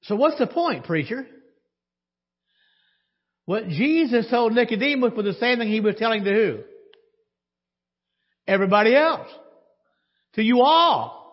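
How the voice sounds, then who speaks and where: A man's voice: very high-pitched, big pitch swings, a little slow, long pauses, muffled recording. A man preaching a teaching sermon, posing questions to the congregation and answering them himself. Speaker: pastor.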